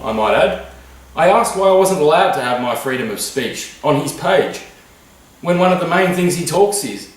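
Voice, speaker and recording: An Australian man hosting a satirical news show, reading viewer mail in a casual, mock-formal way with blunt swearing. His voice comes from well back from the mic in a strongly echoing room. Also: a little high. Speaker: parody news host. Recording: very echoey room, far from mic.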